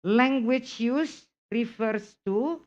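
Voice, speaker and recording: A woman's voice: on the high side, drawn-out words. Woman, Indonesian accent, teacher, quizzing students, chatty, dull lo-fi call audio. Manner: asks the class questions, chatty asides. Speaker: test prep teacher. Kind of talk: online class, mixing English and Indonesian.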